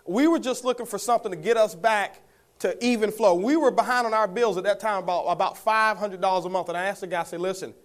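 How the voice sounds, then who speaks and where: Fast-talking energetic motivational man. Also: sits high. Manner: energetic, folksy, addresses audience as guys. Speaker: network marketing speaker. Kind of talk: motivational testimonial talk.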